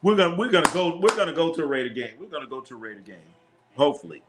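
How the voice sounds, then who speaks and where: Racing along in a high, sing-song voice with background noise behind him, the streamer runs a live basketball watch party. He calls plays loosely, reads questions from chat, kids around with viewers, and tends to repeat himself.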